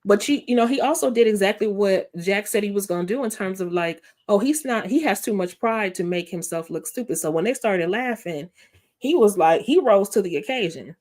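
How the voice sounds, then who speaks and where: A woman hosting a live panel, recapping an episode in a chatty, animated storytelling way. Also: medium pitch, a little fast. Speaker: panel host.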